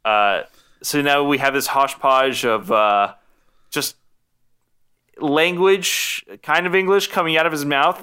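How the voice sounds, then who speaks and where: A man's voice: on the high side, normal speed, sharp tone, smooth. A man co-hosting a podcast, talking casually about a movie in a rambling way with many fillers and restarts. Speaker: podcast co-host. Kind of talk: casual film discussion.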